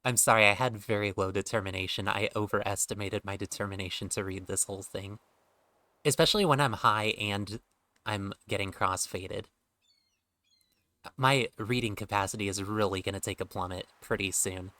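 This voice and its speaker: A man's voice: fairly low pitch, normal speed, bright, forceful tone, no room sound. A man streaming a game, chatting casually, rambling and joking with offhand swearing. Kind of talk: casual gameplay commentary.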